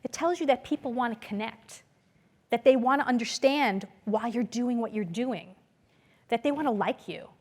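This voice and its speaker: A woman lecturer giving a conference talk to an audience, storytelling in a lively way and acting out the voices she quotes. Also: a little high, normal speed. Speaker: business school lecturer. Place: lecture hall.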